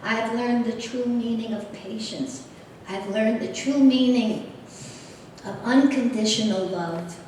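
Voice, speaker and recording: A middle-aged woman giving a speech as a guest speaker, telling a personal story with lively, animated delivery. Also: a little high, slow pace, a little hiss or hum. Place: large convention hall. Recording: echoey hall heard from far off.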